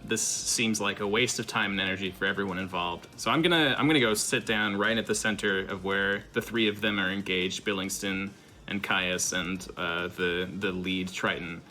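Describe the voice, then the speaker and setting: A man lays out his character's moves with a bright, forceful tone. His voice sits low and cuts through, with faint music underneath. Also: steady tone, moderate pace. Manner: decisive, declaring actions. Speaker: player. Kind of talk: tabletop game play.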